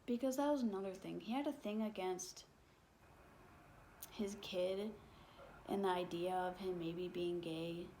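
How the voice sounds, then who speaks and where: A young woman tells a painful personal story on camera, slow and halting, padding her sentences with "like" and swearing when upset. Her voice sits on the low side, and a faint room hum runs underneath. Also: warm tone. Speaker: vlogger. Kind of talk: emotional storytime.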